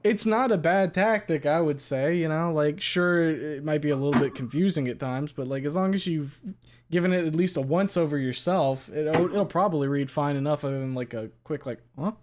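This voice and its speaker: A man hosting a casual chat, joking and swearing freely in an animated way. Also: fairly high pitch, fairly quick. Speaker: host.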